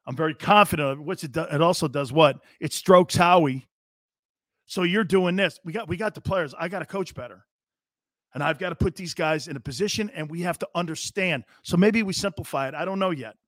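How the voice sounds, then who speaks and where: A man with a slightly high, fairly bright voice hosts a live football talk show, speaking animatedly at a moderate pace. His monologue is blunt and sarcastic, mocking coach-speak and casually swearing, in clean studio-quality audio with no echo.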